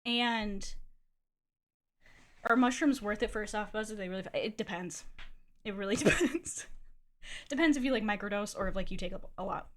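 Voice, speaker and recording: A woman's voice: medium pitch, normal speed, long pauses. A young adult woman streamer telling a personal story in a candid, chatty way, swearing freely and filling with "like". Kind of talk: casual storytelling.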